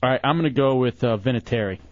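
A man's voice: mid-range voice, quick pace, dry recording. A man hosting a radio show, joking and teasing his co-hosts while running a fantasy football draft, often laughing. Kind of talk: casual radio banter. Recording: dull lo-fi radio recording.

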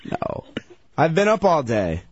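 A weary man, a regular guest on a radio show, recounts a rambling story, hesitating and starting sentences over. His slightly high, husky voice swings widely in pitch at a measured pace, captured dry and dull on a studio radio mic with no echo.

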